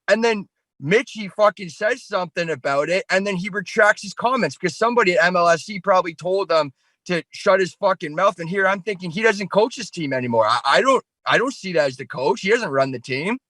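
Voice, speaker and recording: A man's voice: high voice, animated, fairly quick, sharp tone, no room sound. A man from Canada, a podcast guest, rambling and swearing constantly in crude casual chat. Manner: profane, rambling, ranting.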